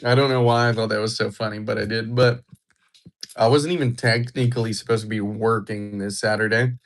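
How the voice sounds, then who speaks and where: A man's voice: fairly low pitch, fairly even intonation, brisk. A young man from Georgia, chatting casually with viewers on a live stream. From Georgia, USA. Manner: chatty, laid-back, joking with viewers. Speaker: livestreamer.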